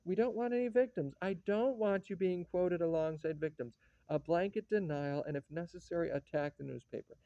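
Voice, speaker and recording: An actor playing a brusque middle-aged lawyer who gives curt, commanding orders on the phone in an audio play. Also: male voice, sits high, a little fast, few pauses, warm tone, no room sound, muffled recording.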